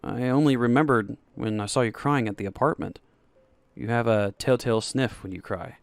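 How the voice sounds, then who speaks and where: Man voicing a low, rough-voiced insomniac lover. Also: normal speed, no echo, natural voice. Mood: confessing. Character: brooding young man with insomnia, pleading.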